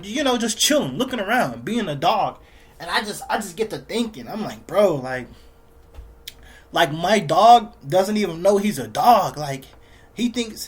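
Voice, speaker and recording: A young man telling a rambling story for his vlog in casual slang, repeating himself and calling the listener "bro" constantly. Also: sits high. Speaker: vlogger.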